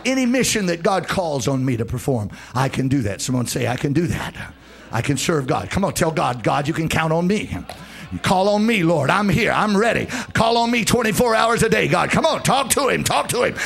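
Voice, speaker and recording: Male preacher, husky and high-pitched, call-and-response sermon, shouts hard, soft music under. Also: animated, fairly quick. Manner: call-and-response, shouting and swooping between loud and low. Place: church service before a congregation.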